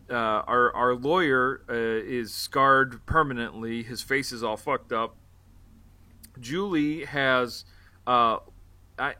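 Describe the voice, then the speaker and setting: A man's voice: mid-range voice, sharp tone, no room sound. A man co-hosting a casual movie-review chat, recapping the plot in a rambling way with fillers and the odd swear. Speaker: podcast co-host.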